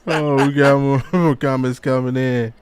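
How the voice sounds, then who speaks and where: A man's voice: mid-range voice, little pitch movement, moderate pace. A man co-hosting a sports podcast, speaking casually with slang and reading out viewer comments. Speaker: podcast co-host.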